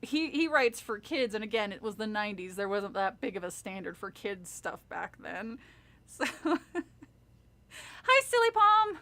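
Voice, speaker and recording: A woman's voice: mid-range voice, moderate pace, few pauses, a bit bright. A young woman casually reading a spooky kids' book aloud on a stream, chatting and giggling often. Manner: giggly, breaks into laughter often. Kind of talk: casual read-aloud with chat.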